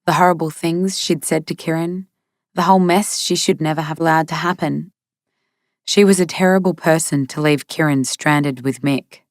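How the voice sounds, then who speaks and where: A woman narrating an audiobook in a measured, steady manner into a close studio mic. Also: sits low, no echo. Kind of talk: scripted narration.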